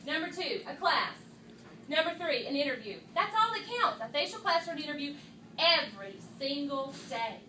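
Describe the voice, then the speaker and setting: Woman, high voice, motivational team talk, echoey far-off recording with room noise. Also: normal speed. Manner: lively and chatty, addressing the room as y'all. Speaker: sales director speaking to her team. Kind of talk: motivational talk to a live audience. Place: meeting room with an audience.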